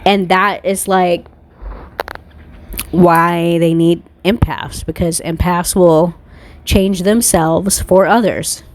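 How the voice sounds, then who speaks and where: A woman's voice: on the low side, fairly even intonation, slow, a little mellow, slight background noise. A woman giving a casual tarot reading in a blunt, profane way, with laughing asides. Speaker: tarot reader.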